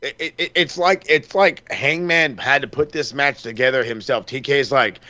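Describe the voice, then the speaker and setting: A man's voice: medium pitch, normal speed, few pauses, dry recording, highs cut off. A man co-hosting a casual wrestling podcast, rambling and profane, acting out quoted lines as he tells it. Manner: rambling, profane, animated storytelling with quoted asides. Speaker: podcast co-host.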